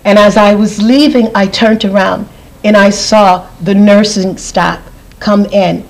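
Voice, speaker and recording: A woman's voice: mid-range voice, steady tone, a little slow, a little mellow, poor audio. A woman giving a personal testimony as an interview guest, earnest, often repeating phrases for emphasis.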